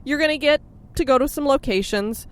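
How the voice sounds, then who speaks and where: Upbeat woman host, a bit higher voice, casual chat recorded in a car. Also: a little fast. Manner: chatty and upbeat, laughs often. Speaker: podcast host. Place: in a car on a road trip. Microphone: sharing one mic with co-host.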